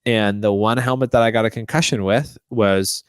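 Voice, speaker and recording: A young man hosting a casual podcast chat, animated and acting out what other people say. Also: fairly low pitch, moderate pace, clear, resonant tone, no room sound, studio quality. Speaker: podcast host.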